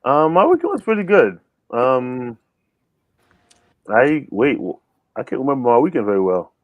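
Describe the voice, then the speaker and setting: A man's voice: mid-range voice, very animated, normal speed, no room sound, phone-quality sound. A man co-hosting a casual sports chat, rambling and teasing. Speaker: co-host.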